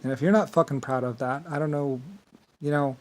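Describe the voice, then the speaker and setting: A man's voice: mid-range voice, fairly even intonation, fairly quick, darkish tone, low-quality recording. Male vlogger, rambling grandiose monologue, swears freely, mid-range voice.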